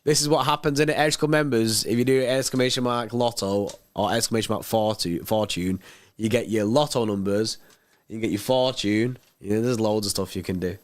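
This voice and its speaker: A man's voice: fairly low pitch, steady tone, fairly quick. A man hosting a fan channel's livestream in casual chat, laid-back and chatty, reading out viewer comments.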